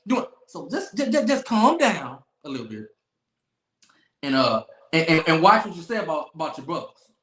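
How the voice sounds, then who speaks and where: Animated man ranting about sports. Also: on the high side, normal speed, echoey room. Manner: loud, emphatic trash-talk with repeated phrases and laughs. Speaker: podcast host. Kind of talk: animated sports talk livestream.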